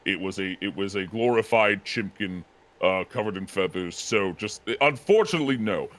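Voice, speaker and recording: Man, guest, casual chat, animated delivery, swooping pitch, quick to laugh. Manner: animated, laughing, self-correcting.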